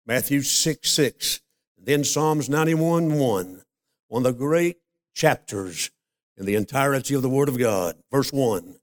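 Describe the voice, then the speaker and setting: An older man preaching a sermon, a folksy storyteller who slows down to stress scripture. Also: medium pitch, expressive. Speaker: pastor.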